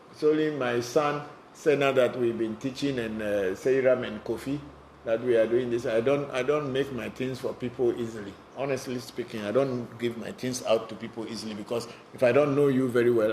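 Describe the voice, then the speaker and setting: A man with a gravelly, mid-pitched voice hosts a live online Q&A, answering viewer questions as a spiritual teacher. He speaks bluntly and directly, often repeating words as he searches for the next thought, with a faint hiss of noise behind him. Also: fairly quick.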